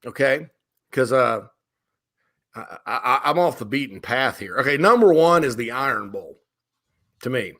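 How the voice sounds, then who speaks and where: A middle-aged man hosting a sports talk show, telling rambling, animated stories full of restarts in a casual chat. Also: medium pitch, normal speed, long pauses.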